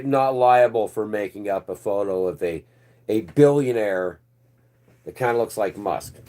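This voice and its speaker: A man's voice: on the low side, a little mellow. A man hosting his own online news channel, ranting casually and sarcastically, rambling and swearing freely.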